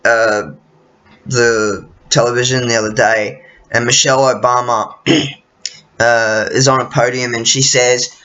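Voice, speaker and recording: A man's voice: mid-range voice, steady tone, a little slow, bright, forceful tone, lo-fi sound. An Australian man vlogging in a casual, profane, rambling rant full of restarts and fillers. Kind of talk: casual ranting monologue.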